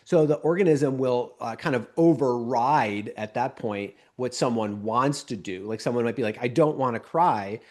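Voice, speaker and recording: A man co-hosting a podcast as a somatic coach, explaining calmly and often checking in with "right?". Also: medium pitch, moderate pace, hardly any pauses.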